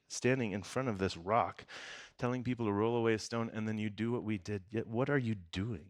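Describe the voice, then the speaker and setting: A man with a fairly low voice delivers a relaxed, conversational sermon. He reads scripture and then riffs on it with jokes and frequent laughter. His volume swings from near-hushed to loud, emphatic moments. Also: fairly quick, hardly any pauses. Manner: conversational and joking, breaks into laughter. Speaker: pastor. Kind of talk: casual sermon with Bible reading.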